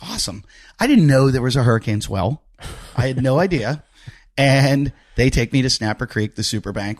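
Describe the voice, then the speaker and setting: Laughing man telling rambling stories. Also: fairly low pitch. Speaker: podcast host. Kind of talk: casual interview chat.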